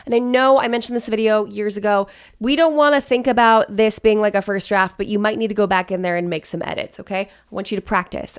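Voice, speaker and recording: A woman's voice: mid-range voice, a bit bright, smooth. A woman wedding planner giving advice in a casual vlog, chatty and direct, often checking in with "okay?".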